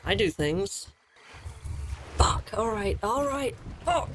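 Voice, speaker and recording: A woman commenting on her gameplay as a let's play host, excitable and jumpy, swearing often. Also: mid-range voice, takes it slowly, background noise. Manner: excitable, swears a lot, jumpy and easily scared.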